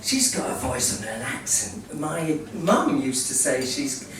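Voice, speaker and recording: A middle-aged Scottish man does stand-up comedy, pausing on ums and laughing at his own jokes. His speech rises and falls a lot and comes slowly. He is picked up from a distance in a very echoey venue, with a crowd clearly audible around him. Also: medium pitch, very animated. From Scotland. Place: small comedy venue with a live audience. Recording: roomy venue recorded from a distance, audience noise.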